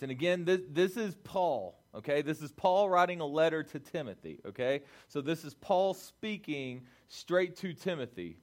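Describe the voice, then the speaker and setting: A man preaching a relaxed, conversational youth-group sermon, often checking in with the listeners and restarting his phrases. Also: on the high side, moderate pace, few pauses. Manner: loose phrasing with restarts and fillers. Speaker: youth pastor.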